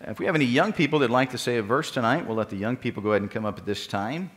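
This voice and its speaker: A man leading church announcements as pastor, encouraging and halting, with frequent filler sounds. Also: mid-range voice, animated, fairly bright tone. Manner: encouraging, praising children after they recite. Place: church sanctuary. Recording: live-streamed church service with long hall reverb.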